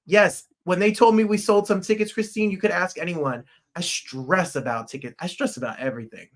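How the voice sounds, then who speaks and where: A man hosting a podcast in casual, excitable, rambling livestream chat. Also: sits high, a little fast. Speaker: podcast host.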